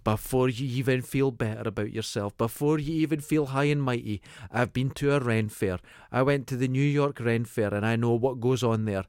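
A Scottish man chatting casually on a podcast, telling stories in a sweary, halting way with fillers. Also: medium pitch, darkish tone, clean tone, dry recording, studio quality. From Scotland. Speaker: podcast co-host. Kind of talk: casual chat.

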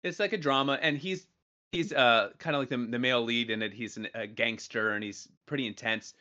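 A man's voice: medium pitch, brisk, bright, forceful tone, highs cut off. A man chatting casually as a podcast co-host, rambling with many fillers and restarts. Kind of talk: casual chat.

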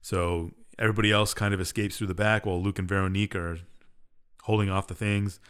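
A man with a somewhat low voice chats casually as a podcast co-host. He retells a game's story in a loose, rambling way and waves off the boring parts. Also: flat delivery, fast, fairly bright tone, clean tone. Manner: rambling retelling, offhand and dismissive. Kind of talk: casual game recap chat.

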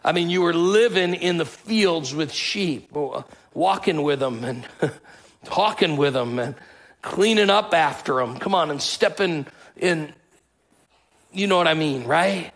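A man's voice: a little high, animated, measured pace, fairly bright tone, low-quality recording. A male pastor preaching a conversational sermon and calling out to his congregation.

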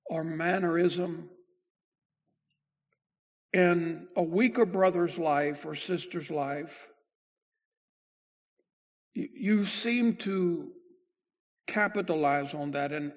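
A male pastor delivers a sermon at an unhurried, deliberate pace. His voice is pitched high for a man, with a gravelly, husky grain, and he lets his volume rise for emphasis before dropping low and quiet. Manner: slow deliberate preaching, swells and drops in volume.

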